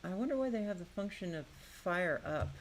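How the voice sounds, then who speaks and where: A woman's voice: on the low side, expressive, brisk, a little hiss or hum. A woman making and playtesting her own game, musing aloud to herself in a curious, tinkering way. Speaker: game maker. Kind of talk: casual think-aloud while building and playtesting a game.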